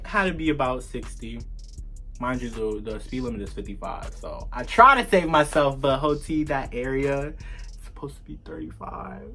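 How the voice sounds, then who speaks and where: A young adult recounts a story in a loose, casual storytime way. The voice swings from low asides to sudden loud, high outbursts as they play the other people in the tale. Soft music hums underneath. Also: normal speed. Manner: animated, acts out other people's lines. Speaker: vlogger.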